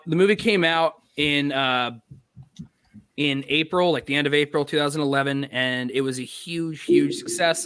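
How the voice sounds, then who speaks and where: A man's voice: mid-range voice, a bit bright, no echo. A man hosting a casual group podcast about a movie, talkative and leading the conversation with frequent restarts. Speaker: podcast host.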